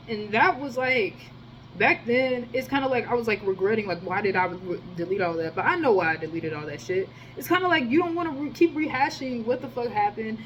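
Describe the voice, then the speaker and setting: A woman's voice: mid-range voice, slight background noise, rough recording. A young woman telling a storytime vlog in a rambling, profane way, full of fillers. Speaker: storytime vlogger. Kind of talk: casual storytelling.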